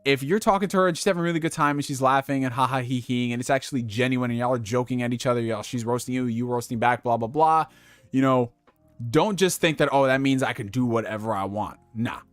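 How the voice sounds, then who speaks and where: A man's voice: mid-range voice, fast, clear, resonant tone, no room sound, faint music behind. A young man hosting a casual livestream, giving dating advice in a loose, profane way and laughing at his own slips. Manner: talks directly to viewers with slang.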